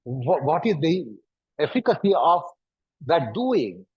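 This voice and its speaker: A man leads a yoga class in a husky, somewhat raised voice, circling back to the same questions again and again. The recording is dull and lo-fi, with a close, dry sound. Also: a little high, big pitch swings, slow pace, dry recording. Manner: repetitive, probing rhetorical questions. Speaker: yoga teacher. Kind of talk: instructing a class.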